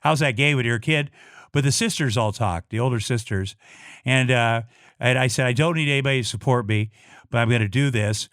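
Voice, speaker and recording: A middle-aged man from Iowa tells a personal story as a guest, in a voice of ordinary pitch. He talks bluntly, swears freely and stumbles through restarts and repeated words. The sound is dry, with no room echo. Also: fairly quick, a bit bright. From Iowa, USA. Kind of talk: personal storytelling in casual talk.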